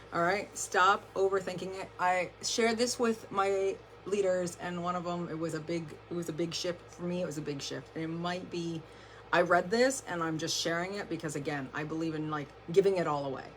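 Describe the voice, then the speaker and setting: A woman's voice: on the low side, a little hiss or hum. A woman giving a casual motivational talk to her team on a livestream, chatty and peppered with "like" and the odd swear word. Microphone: camera close up, adjusted during stream.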